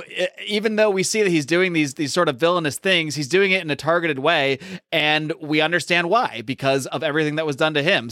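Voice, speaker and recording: A man's voice: fairly high pitch, a bit bright, no room sound, clean studio sound. A man co-hosting a podcast who muses thoughtfully about a story's characters. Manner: thoughtful, musing, with hedges. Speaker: podcast co-host. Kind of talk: casual analytical chat.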